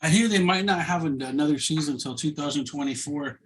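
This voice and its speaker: A man's voice: fairly high pitch, quick pace. A man co-hosting a casual chat, asking wry, teasing questions. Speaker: podcast co-host.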